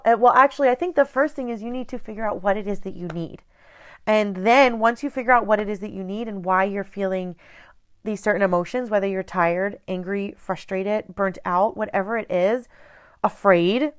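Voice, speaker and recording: A woman's voice: medium pitch, clear, resonant tone. A woman in her thirties hosting a casual motivational talk, speaking in a direct, earnest and conversational way. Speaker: host.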